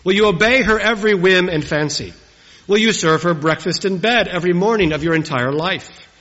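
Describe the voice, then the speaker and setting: A preacher playing a sly, smug minister. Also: male voice, high voice, a little fast, a bit bright. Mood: mock solemn. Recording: dull recording with long church reverb.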